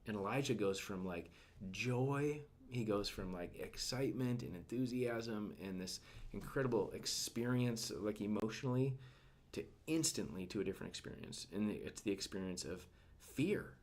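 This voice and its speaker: Animated yet at a moderate pace, this man's voice sits on the low side. He gives a casual devotional talk thick with fillers, often questioning his listeners and softening to a near-whisper during emotional parts.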